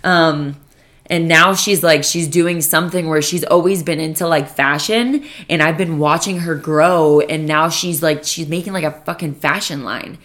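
Young female solo podcast host, low voice, profane, rambling, heavy "like" fillers. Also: normal speed, fairly bright tone. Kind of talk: casual solo podcast monologue. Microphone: podcast microphone.

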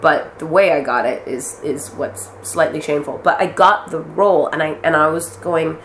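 A woman acting as interview guest, telling lively stories in casual chat, acting out quotes and swearing freely. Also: low voice, normal speed. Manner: animated storyteller, acts out quotes, swears freely. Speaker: actress and guest. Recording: roomy echo with faint noise.

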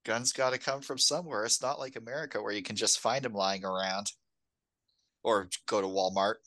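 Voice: mid-range voice, fairly even intonation, a little fast, a bit bright. A co-host on a casual film podcast who recaps plots with wry jokes and frequent laughter.

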